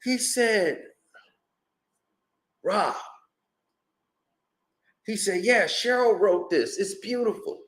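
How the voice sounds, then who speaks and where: High-voiced, animated storytelling man. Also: drawn-out words, long pauses, roomy sound. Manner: animated, acts out quotes, laughs often. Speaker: host. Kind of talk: casual storytelling commentary.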